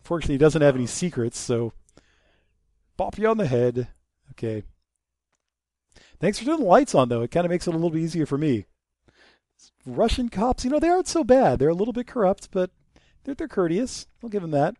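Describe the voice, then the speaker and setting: Animated joking young man. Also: fairly high pitch, brisk, long pauses, no room sound, clean studio sound. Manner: joking, sarcastic, drops to a mutter while sneaking. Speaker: gameplay commentator. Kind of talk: casual let's-play commentary.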